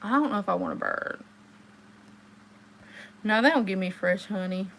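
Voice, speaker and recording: A young woman, hosting a casual livestream and chatting with viewers, telling stories and jumping into high exclamations. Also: normal speed, creaky, fairly bright tone, slight background noise. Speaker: livestream host.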